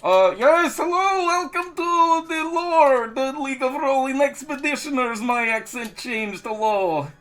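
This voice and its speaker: Man doing a pompous knight, rambling, forgetful, lively pitch, loud announcing voice. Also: measured pace, few pauses, exaggerated voice. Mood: grandiose. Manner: grandiose, forgets his lines, rambling. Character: pompous male knight with a drifting accent. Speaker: player. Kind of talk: live-streamed tabletop game.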